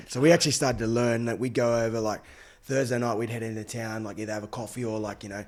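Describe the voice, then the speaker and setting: Guesting on a podcast, this Australian ex-rugby league player in his thirties spins casual, slang-filled stories at a quick pace, laughing a lot. His voice is on the low side with fairly even intonation.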